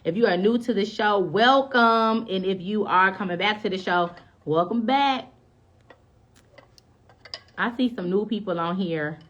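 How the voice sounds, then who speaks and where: A woman's voice: medium pitch, a little slow, long pauses, fairly bright tone, dull audio. A woman hosting a live-stream show, chatting casually and greeting her viewers by name with bubbly, effusive energy.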